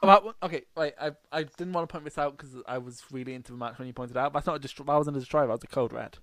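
A man co-hosting a podcast, chatting casually, swearing freely and telling animated stories with laughs. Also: on the high side, rapid-fire, no echo. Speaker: podcast co-host. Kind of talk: casual chat.

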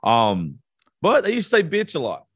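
A man's voice: on the high side, wildly swooping pitch, normal speed, breathy edge, dry recording, studio quality. A man in his thirties in a casual podcast chat, blunt and profane, getting worked up as he talks. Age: 30s.

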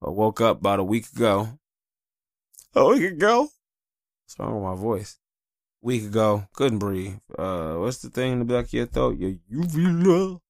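A man with a low voice hosting a casual solo podcast. He rambles bluntly and swears freely as he talks. The sound is dry, with no room echo. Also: normal speed, gravelly. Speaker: podcast host.

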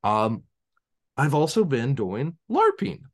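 A man's voice: mid-range voice, slow. A man on a podcast, chatting casually and telling rambling stories as a game master, acting out the voices of people he quotes. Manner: animated storyteller who acts out quoted voices; rambling with frequent restarts.

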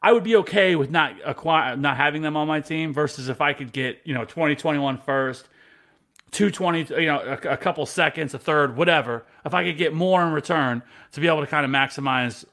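A man chatting on a fantasy football podcast, with a bright, forceful voice that sits a little high for a man. He swears freely and tells his stories with animated energy. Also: normal speed. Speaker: podcast co-host. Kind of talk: casual podcast chat.

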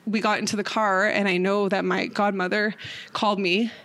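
A woman's voice: mid-range voice, flat delivery, moderate pace, a bit bright. A young adult woman, telling a personal story in conversation, full of fillers and acted-out quotes. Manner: acts out quoted voices, many fillers like "like". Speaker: podcast guest. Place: parked car.

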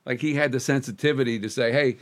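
A man's voice: mid-range voice, normal speed. A comedian in his sixties, a guest on a podcast, telling family stories in casual chat and acting out the voices in them. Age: 60s. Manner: animated, acts out the voices in his anecdotes.

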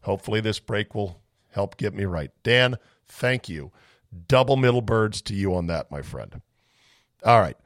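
A man hosting a podcast, reading listener mail in a wry, sarcastic, rambling way, his voice slightly hoarse. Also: on the low side, animated, moderate pace, dry recording, studio quality. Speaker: podcast host.

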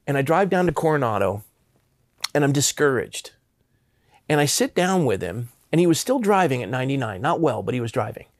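A man's voice: mid-range voice, big pitch swings, a little fast, no room sound, clean studio sound. A man in his fifties from Southern California, telling a personal story as a guest with earnest emphasis and frequent stammered restarts.

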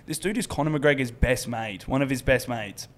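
A man's voice: mid-range voice, moderate pace, a bit bright, slight background noise. Swearing young Australian man telling stories. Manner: swears freely, laughs through his stories, quotes people in put-on voices. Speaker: guest comedian. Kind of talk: casual podcast storytelling.

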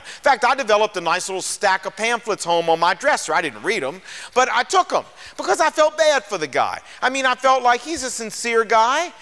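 An older male preacher tells his own story in a sermon with a high, bright voice that swoops through a wide range. He acts out the lines of each person in the story. A long hall reverb hangs behind his words. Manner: animated storyteller, acts out dialogue. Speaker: radio preacher.

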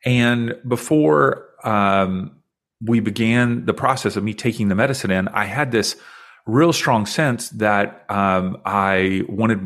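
A man in his forties, a podcast guest, earnestly and reflectively recounting a deeply personal experience in conversation. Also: slow, a bit bright.

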